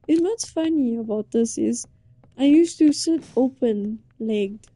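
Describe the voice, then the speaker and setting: A woman's voice: on the high side, slow pace, mellow, dry recording. A young woman from Britain chatting casually and rambling in a giggly, playfully flustered way. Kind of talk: casual chat to a listener. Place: indoors, under a blanket.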